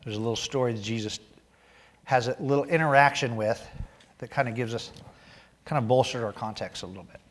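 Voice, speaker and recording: A man preaching a sermon, reading scripture aloud and growing loud and emphatic as he drives points home. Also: mid-range voice, a little fast, pauses often, long reverb tail. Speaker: pastor.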